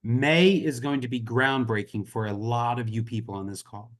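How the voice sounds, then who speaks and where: A man's voice: medium pitch, steady tone, moderate pace. A man leading a network marketing team, giving an earnest, impassioned motivational talk on a group video call. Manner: earnest, impassioned, repeats "y'all".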